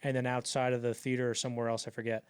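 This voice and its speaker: A young man co-hosting a podcast in casual chat, talking animatedly and jumping into loud acted-out quotes. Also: mid-range voice, very fast, clean tone. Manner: animated, acts out quotes in bursts, many fillers. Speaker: podcast co-host.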